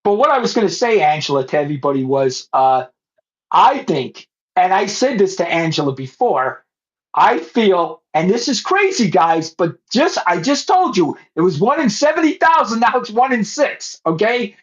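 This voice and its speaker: A middle-aged man hosting a podcast in casual chat, excitable and stumbling over repeated words. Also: sits high, moderate pace. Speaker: podcast host. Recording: muffled lo-fi phone audio.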